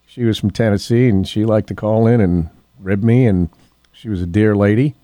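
Low, mellow-voiced older man hosting talk radio. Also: normal speed, no room sound, studio quality. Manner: folksy, rambling, with frequent ums and throat clearing. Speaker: radio talk show host. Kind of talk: casual talk radio monologue. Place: radio studio.

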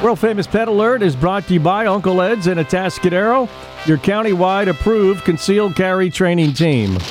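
A man's voice: high-pitched, normal speed, over music. A man hosting a local radio morning show, reading the weather and ads and chatting with callers in a folksy, rambling way. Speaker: radio host.

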